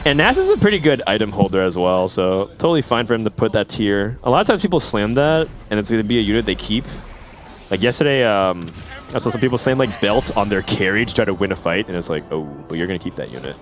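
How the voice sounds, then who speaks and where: A man casting a live esports match, chatty and quick with asides. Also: lowish voice, big pitch swings, faint music behind. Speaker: esports caster. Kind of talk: casual live esports commentary.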